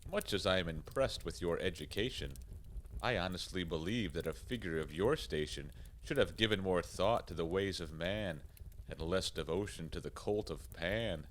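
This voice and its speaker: A man voicing a calm, wise Santa Claus in a rhyming radio play, gently lecturing. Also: low voice, normal speed, natural voice. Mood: amused calm.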